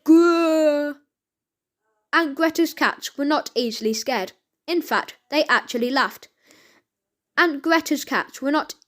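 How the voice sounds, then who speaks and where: A woman reads a children's story aloud at a slow, careful pace. Her voice sits high, and she often stumbles and restarts a phrase before going on. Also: bright, forceful tone. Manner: halting reading with frequent slips and restarts.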